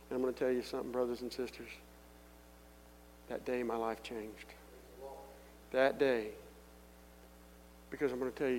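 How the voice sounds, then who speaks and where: A middle-aged man giving a personal testimony in sermon style, telling his story earnestly and building up to loud calls to the congregation. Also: medium pitch. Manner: earnest storytelling that swells into loud appeals to the crowd. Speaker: testimony speaker. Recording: echoey hall with faint hum.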